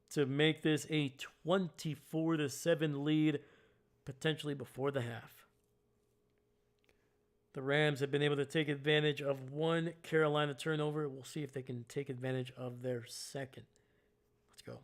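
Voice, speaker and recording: A man with a medium-pitched voice calls live play-by-play and reacts as a fan at a moderate pace. He's casual and pokes fun at himself, getting excited when big plays happen.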